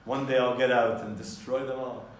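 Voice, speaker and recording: A man voicing a scheming, gloating evil king buried deep underground, with a mocking cackle, in a roomy, echoing space. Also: level tone, moderate pace, distant mic, slight background noise, lightly acted.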